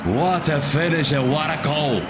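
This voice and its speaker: A man's voice: a little high, measured pace, heavy background noise. A man streaming a live match watchalong, calling the play and urging his chat, repeating phrases over and over. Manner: repeats phrases, urges chat, erupts when a goal goes in.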